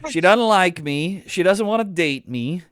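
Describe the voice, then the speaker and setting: A man's voice: high voice, lively intonation, unhurried, a bit bright, smooth, no echo, studio quality. A man hosting an interview, adding short agreements and jokey comments to his guest's story. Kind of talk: casual interview chat.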